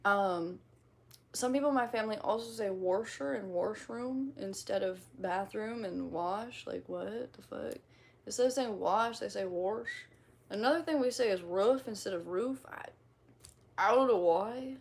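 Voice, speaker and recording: A woman's voice: mid-range voice, normal speed, creaky, slightly rough. A young woman from the Midwest with a slight twang, chatting casually and reading viewer comments on a livestream, rambling and giggly with casual swearing.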